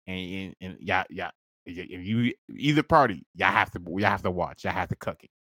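A man co-hosting a podcast, telling a wild comic story in a loose, profane way, laughing often and jumping into squeaky high voices. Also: normal speed, sharp tone, no echo. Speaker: podcast co-host. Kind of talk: casual comedic storytelling.

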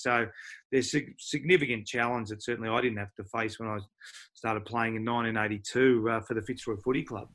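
An older Australian man, a former footballer and coach, telling stories in a casual interview and mimicking other people's voices. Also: mid-range voice. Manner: animated, mimics voices in anecdotes.

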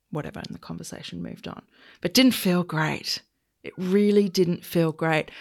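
A woman's voice: on the low side, gravelly, fairly bright tone, slightly rough. A woman podcast host in her thirties telling a personal story candidly, acting out the dialogue she recalls. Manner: candid, conversational, acts out quoted dialogue.

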